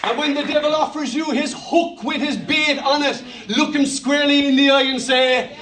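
An Irish pastor preaching a humorous, lively sermon, rising to shouts at high points. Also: male voice, normal speed, roomy sound, far from the mic, a little hiss or hum.

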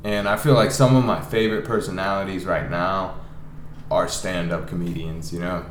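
A man's voice: sits low, moderate pace, slight background noise. A young man co-hosting a casual podcast, telling stories with a lot of laughter. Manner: laughing, animated retelling of stories. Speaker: co-host. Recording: echoey room.

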